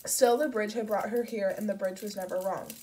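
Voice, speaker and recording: A woman narrating an audiobook in a steady, measured storytelling manner. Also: medium pitch, distant mic, a little hiss or hum, poor audio. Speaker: audiobook reader.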